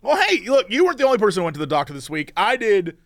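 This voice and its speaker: A young man co-hosting a casual podcast, telling comic stories and doing quick impressions of the people he quotes. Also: sits high, big pitch swings, no room sound, clean studio sound. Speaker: podcast co-host.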